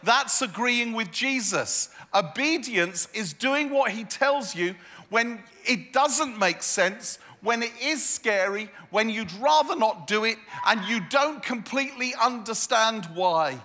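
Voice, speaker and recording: Bright-voiced preacher in a hall. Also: male voice, extremely high pitch, animated, slow pace. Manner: humorous, self-deprecating storytelling with repeated phrases. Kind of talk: sermon. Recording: echoey hall.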